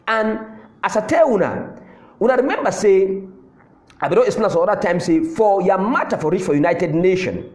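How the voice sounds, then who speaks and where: A man speaking Cameroonian Pidgin English delivers a fiery political address. His voice is high and swings widely in pitch as he repeats his points for emphasis. The sound has an echo, as if recorded in a bare room. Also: a little mellow. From Southern Cameroon. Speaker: political commentator.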